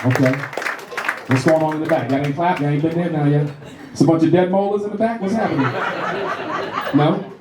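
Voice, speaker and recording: A man in his thirties doing a profane, animated stand-up set in a comedy club, acting out voices as he tells stories. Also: a little high, moderate pace, long pauses, over a noisy crowd, heavy background noise. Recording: roomy club sound from a distant mic.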